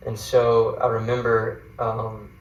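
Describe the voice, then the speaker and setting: A man's voice: mid-range voice, completely flat delivery, slow, echoey room, distant mic, lo-fi sound. A man, a guest mentor, tells a personal faith story in an earnest, rambling way, full of fillers and restarts. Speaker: guest mentor sharing a testimony.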